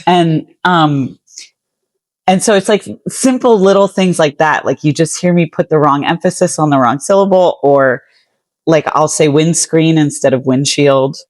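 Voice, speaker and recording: A woman's voice: low voice, unhurried, darkish tone, no room sound. Guest poet, woman, American accent with Australian and Kiwi touches, chatty, dry sound. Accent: American with some Australian and New Zealand traits. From United States. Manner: chatty, frequent "like" fillers. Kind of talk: casual interview chat.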